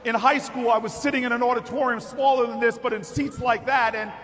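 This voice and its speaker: High-voiced man shouting a convention speech. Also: steady tone, brisk. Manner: storytelling, building to shouted repeated calls. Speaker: political speaker at a party convention. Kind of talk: rousing political speech. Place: large convention hall with audience. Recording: echoey hall with crowd noise.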